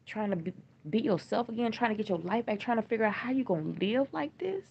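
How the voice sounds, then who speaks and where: A grieving mother talking on a livestream in a raw, halting way, often repeating herself. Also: fairly high pitch, expressive, vocal fry, breathy edge. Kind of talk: emotional casual livestream talk. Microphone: phone livestream. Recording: dull lo-fi livestream audio, faint noise.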